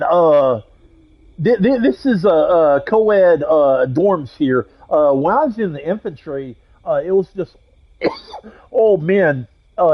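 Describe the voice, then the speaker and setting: A man's voice: fairly high pitch, highs cut off. A man who games on stream, telling an army story in a profane, rambling way, full of fillers and restarts. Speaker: gaming streamer and army veteran. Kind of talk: casual anecdote told while gaming.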